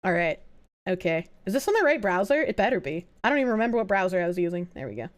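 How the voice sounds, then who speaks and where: A woman with a New Jersey accent streaming live, reacting to chat in a loud, crude, animated way and breaking into shrieking laughter. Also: mid-range voice, very fast.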